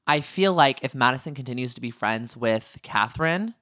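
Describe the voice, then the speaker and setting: A man's voice: medium pitch, animated, normal speed, pushed and bright, no echo, clean studio sound. A man co-hosting a podcast, chatting casually and bluntly about reality-show gossip with a sassy edge. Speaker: podcast co-host.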